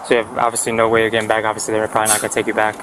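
A male police officer asking calm, brisk questions outdoors. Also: fairly low pitch, noisy background.

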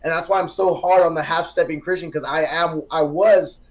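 A man's voice: on the high side, fairly quick. Earnest young man telling his story. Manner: earnest, grows animated and excited when telling the climax; repetitive, storytelling with quoted dialogue. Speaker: podcast guest. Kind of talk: casual testimony.

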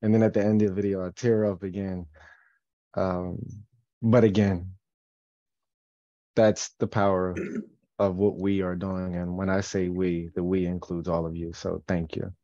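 A man's voice: low voice, flat delivery, measured pace, long pauses, dark tone, no room sound, lo-fi sound. A man presenting at a community event who says he is moved by the video and thanks the audience. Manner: emotional, grateful. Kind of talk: public talk.

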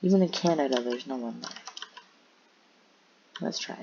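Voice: mid-range voice, normal speed, gravelly, long pauses, darkish tone. A gameplay commentator rambling and muttering to themself while browsing game servers. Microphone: home headset or desk mic. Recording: dull lo-fi mic with faint hiss.

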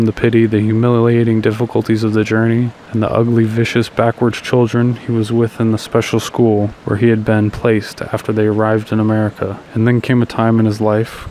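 A man reading a literary short story aloud in a low, very flat voice. His pace is measured and even, with small slips now and then. Faint noise runs underneath. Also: rough recording. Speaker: audiobook reader.

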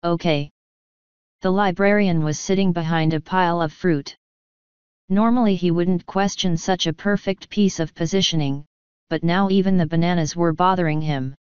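A woman's voice: on the low side, steady tone, moderate pace, a little mellow, smooth, no echo, muffled recording. A woman narrating an audiobook, reading every character herself with small shifts of voice. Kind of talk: scripted narration.

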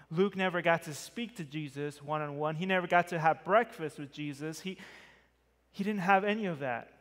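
A male pastor with a slightly high voice delivers a sermon in a conversational way, leaning into key words with lively emphasis. His voice trails off into the long reverb of a church sanctuary.

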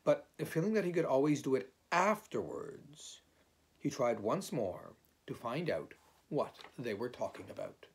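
A man's voice: medium pitch, slightly rough. Man reading a children's storybook. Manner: unhurried and very expressive. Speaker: audiobook reader. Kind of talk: storybook narration.

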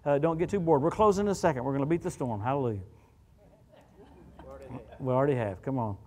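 A middle-aged man preaching as a guest minister, telling stories in an animated, conversational way. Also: medium pitch, quick pace. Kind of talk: sermon. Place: church sanctuary. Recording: church hall reverb.

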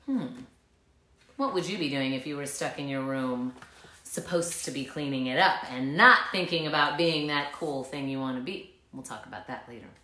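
A woman teacher doing an animated, interactive children's read-aloud, coaxing the listeners to join in. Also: very deep voice, moderate pace. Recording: echoey room.

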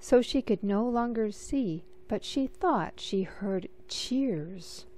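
Woman reading a storybook aloud, slow and gentle, measured delivery. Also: mid-range voice, expressive. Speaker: storybook reader. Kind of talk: reading a picture book aloud.

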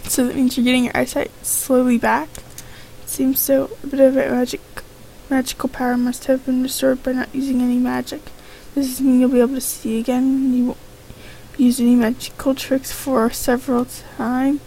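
Woman, let's play commentary, high voice, reads lines aloud, faint background hiss. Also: little pitch movement, normal speed, gravelly, warm tone, rough recording. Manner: reads each character's lines in her own voice, reacts with exclamations. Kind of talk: reading game dialogue aloud with commentary.

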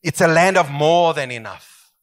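A man's voice: a little high, lively intonation, moderate pace. A middle-aged man preaching a sermon as pastor, emphatic and swooping, calling for amens.

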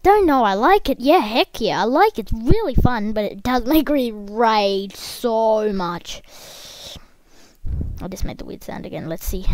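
Brief: high, lively-voiced woman commentating a game at home, chatty and excitable, close desk mic. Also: measured pace, no room sound. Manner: excitable, bursts into shrieking yells; chatty, talks straight to the viewers. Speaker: gameplay commentator. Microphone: desk microphone, close.

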